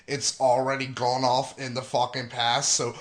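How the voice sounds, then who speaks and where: A man's voice: medium pitch, monotone, normal speed. A young man with an ordinary mid-range voice, talking casually as he recaps a film preview. He swears constantly and works himself up into exasperated rants. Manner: profane, ranting, heavy swearing. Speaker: gaming and movie vlogger.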